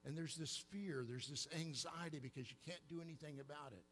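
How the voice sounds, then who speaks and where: A middle-aged man with an Oklahoma accent, preaching a sermon in church, telling stories in an animated way. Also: on the high side, brisk, slight background noise, poor audio. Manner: storytelling, animated, acts out childhood fear. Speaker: pastor. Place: church sanctuary.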